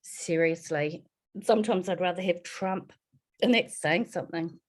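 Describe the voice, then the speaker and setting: A woman's voice: fairly low pitch, measured pace. A woman with a New Zealand accent, a podcast guest telling her adoption story candidly, acting out voices as she goes. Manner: lively, swears, acts out voices in her story.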